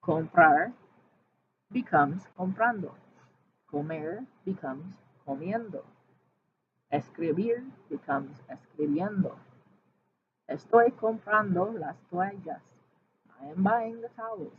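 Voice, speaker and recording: A woman's voice: fairly low pitch, animated, slow pace, long pauses. Woman teacher on a tinny line. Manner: explains step by step and spells words out letter by letter. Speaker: Spanish teacher. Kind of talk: reading lesson slides aloud. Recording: tinny phone-like audio with faint hiss.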